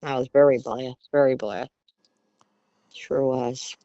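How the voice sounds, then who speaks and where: Low-voiced old grandma from virginia, chatty, laughs a lot, dull dry recording. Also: female voice, fairly even intonation, takes it slowly, mellow, dry recording. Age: older. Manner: chatty, laughs often, Southern turns of phrase. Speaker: interview guest, grandmother. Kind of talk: casual storytelling.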